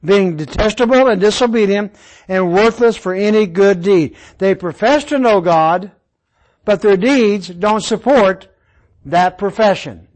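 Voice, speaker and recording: A man with a fairly high voice leads an informal Bible class. He talks in a relaxed, conversational way and walks through the verses one at a time. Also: a little slow, low-quality recording. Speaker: Bible study teacher.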